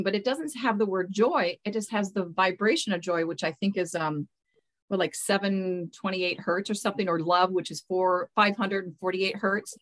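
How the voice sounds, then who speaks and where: A woman's voice: medium pitch, normal speed, low-quality recording. Earnest woman musing on spirituality. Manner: earnest, repeats words while searching for phrasing. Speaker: spiritual mentor, guest. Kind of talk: casual interview talk.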